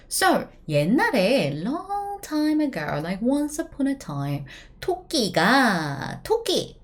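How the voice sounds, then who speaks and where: A woman with a Korean accent, a language teacher explaining grammar in a chatty video lesson, often checking in with "right?" and rattling off quick example sentences. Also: sits high, wildly swooping pitch.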